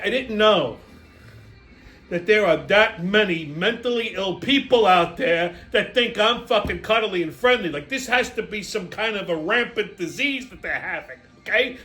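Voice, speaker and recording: A man's voice: high voice, expressive, moderate pace, a bit bright, faint music behind. A man hosting a weekly wrap-up show, ranting in a crude, exasperated comic style. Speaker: host. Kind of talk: profane comedic rant.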